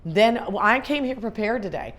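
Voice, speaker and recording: A woman's voice: on the high side, animated, moderate pace, a bit bright. A middle-aged woman, a grief specialist, giving an earnest motivational talk to an audience, repeating her questions for emphasis.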